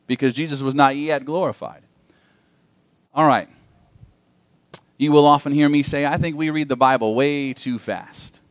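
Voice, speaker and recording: Animated preaching man, dry close sound. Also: medium pitch, dry recording. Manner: animated preaching, asks the congregation questions. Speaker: pastor. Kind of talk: sermon. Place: church sanctuary.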